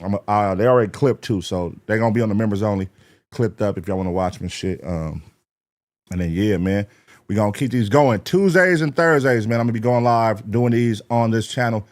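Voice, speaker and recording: A young man hosting a live reaction stream, talking loosely with profane slang, laughing and shouting out names from the chat. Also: lowish voice, expressive, a little fast.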